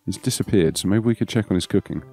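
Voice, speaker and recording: A man's voice: fairly low pitch, fast talker, mellow, faint music behind. A man hosting a let's play, chatting playfully and thinking aloud as he goes. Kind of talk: casual gameplay commentary.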